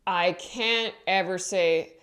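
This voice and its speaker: Woman, comedian, mumbly, rambling, casual storytelling, slightly low voice. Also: slow, fairly bright tone, smooth. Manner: mumbly, rambling, acts out quotes in higher voices.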